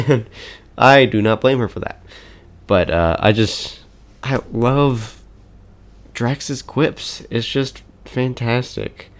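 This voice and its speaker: A man's voice: mid-range voice, slow pace. A man hosting a podcast, talking casually and enthusiastically with frequent chuckles and fillers. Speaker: podcast host. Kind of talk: casual chat.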